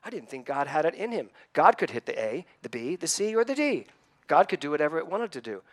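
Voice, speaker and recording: A man's voice: on the high side, sing-song, brisk. A man in his sixties giving a conversational sermon, earnest and personal, telling stories and asking his listeners questions. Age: 60s. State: slightly emotional. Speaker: church speaker.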